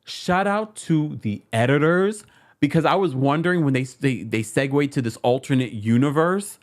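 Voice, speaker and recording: A man hosting a casual reality TV recap, chatty and animated, repeating phrases for emphasis. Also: fairly high pitch, normal speed.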